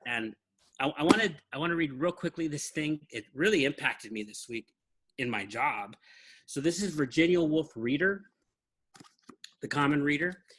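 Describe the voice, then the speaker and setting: Guy hosting a book podcast, mid pitch, easygoing and thoughtful. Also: fairly bright tone, slightly rough. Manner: thoughtful, shows and discusses books. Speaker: podcast host. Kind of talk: casual book chat.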